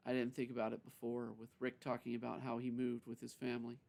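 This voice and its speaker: A man reading a story aloud on a live stream, unhurried, with frequent self-corrections. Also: mid-range voice, completely flat delivery, gravelly, a little mellow.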